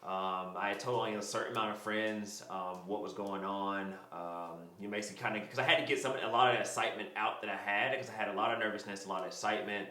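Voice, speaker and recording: Young man, lowish voice, quick talker, laid-back, slangy, echoey room. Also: steady tone, bright, forceful tone. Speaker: fiancé telling proposal story. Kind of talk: casual storytelling chat.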